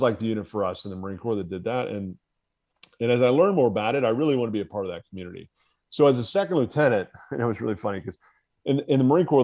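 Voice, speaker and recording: A man's voice: on the low side, dark tone. A man from the United States, a former Marine officer, telling his story as a podcast guest in a candid, profane way and laughing at himself. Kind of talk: casual storytelling in conversation.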